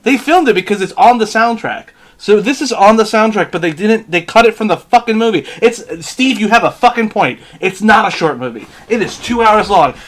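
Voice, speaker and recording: High-voiced man ranting at a movie. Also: lively intonation, a little fast, hardly any pauses, a bit bright. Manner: swears a lot, exasperated rants. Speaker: streamer. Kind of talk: casual watch-along chat. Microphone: headset or desk mic with earphones.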